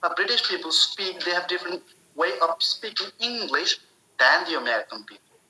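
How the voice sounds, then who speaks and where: A man giving a spoken English lesson, explaining slowly and deliberately, often repeating and restarting his phrases. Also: high voice, animated, background noise. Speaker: English teacher.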